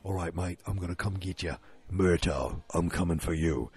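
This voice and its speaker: A blunt, tough male mercenary with a put-on Australian accent, as a man imitates him. The voice sits low and dark, with a husky edge, and is delivered in a quiet murmur. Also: normal speed, exaggerated voice. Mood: menacing.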